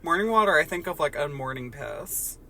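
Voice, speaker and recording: A woman's voice: low voice, lively intonation, fairly quick, sharp tone. A woman co-hosting a comedy podcast, riffing and laughing in casual chat. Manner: joking, riffing, laughs often. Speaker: podcast co-host.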